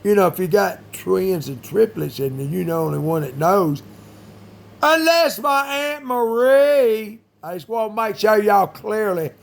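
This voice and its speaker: A man talking in a rambling monologue, full of fillers, with sudden loud bursts. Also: high voice, expressive, a little slow, creaky, a little hiss or hum.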